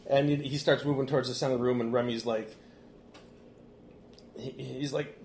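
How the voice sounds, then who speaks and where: A man's voice: medium pitch, fairly even intonation, normal speed, long pauses, darkish tone. A man narrating a tabletop game as game master, casual with frequent fillers, in an echoey room. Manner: casual, laughing, hesitant fillers.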